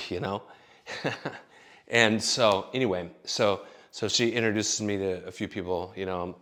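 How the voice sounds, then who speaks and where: A man's voice: low voice, steady tone, measured pace, pauses often, fairly bright tone. A man telling a long personal story in a casual, rambling way, full of fillers and swearing. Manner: rambling, profane, filler-heavy.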